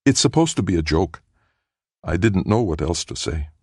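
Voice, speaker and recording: A man's voice: deep voice, very animated, moderate pace, darkish tone, breathy edge, no echo, studio quality, pitched above the performer's own voice, full character voice. A man voicing a friendly young male sensor technician who jokes easily, in an audiobook reading. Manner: easygoing, light, joking.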